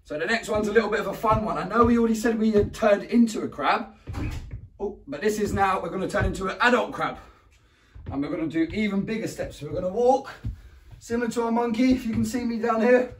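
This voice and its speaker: A man's voice: fast talker, a little hiss or hum. A man with an English accent leading a home PE lesson for young children, encouraging them, counting down and often praising them. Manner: makes animal noises, roars and squeaks. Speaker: primary school PE teacher. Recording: echoey room, mic far away.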